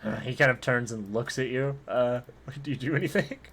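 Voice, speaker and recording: A man's voice: medium pitch, moderate pace, fairly bright tone, a little hiss or hum. A man narrating as game master in a rambling way, with many fillers.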